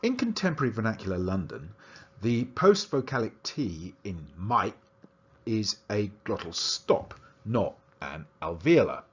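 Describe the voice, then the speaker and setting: A man giving an academic lecture as a university lecturer, explaining an analysis in a steady, methodical way. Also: fairly low pitch, measured pace, husky, muffled recording. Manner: explanatory, analytical delivery with lively intonation.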